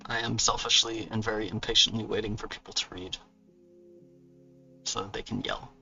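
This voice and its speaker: A man with a Californian accent chats loosely with his viewers, thanking them and laughing between thoughts. His voice is bright and forward. The mic sits at a distance and sounds dull and lo-fi, with faint music behind. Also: fairly low pitch, little pitch movement, moderate pace, creaky. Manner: chatty, rambling, laughs often, thanks viewers. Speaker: author hosting a book launch livestream. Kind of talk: casual livestream chat with viewers.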